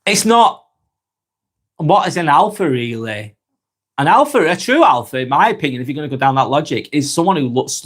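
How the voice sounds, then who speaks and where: A man from northwest England with a Lancashire accent, talking calmly on a live stream, reading out viewer comments and musing with frequent repeats and restarts. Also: medium pitch. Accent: Lancashire English. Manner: calm, musing, repeats words and restarts often.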